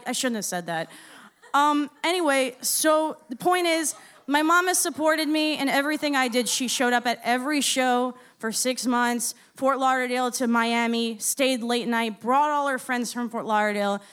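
A young woman from Florida, a musician telling a lively, rambling story on stage with laughs and swearing. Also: high-pitched, smooth. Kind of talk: live storytelling to an audience.

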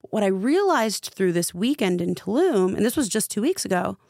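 Woman, spiritual coach as podcast guest; low, fry-edged voice, earnest storyteller, dry close sound. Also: sing-song, normal speed, warm tone, dry recording. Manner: earnest, heavy use of filler "like". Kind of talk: casual storytelling conversation.

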